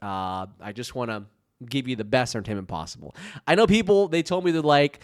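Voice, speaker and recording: Lively, animated man hosting a podcast. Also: mid-range voice, a little fast, clean tone. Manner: animated storyteller, laughing helplessly, many restarts. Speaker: podcast host. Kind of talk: casual solo podcast storytelling.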